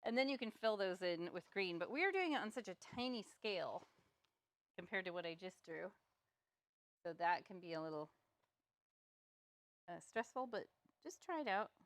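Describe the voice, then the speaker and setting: Instructor, woman, mid-pitched, casual and playful, talks while painting, pokes fun at herself. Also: animated, normal speed, pauses often, no echo. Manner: chatty, playful and self-deprecating. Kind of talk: step-by-step live art tutorial.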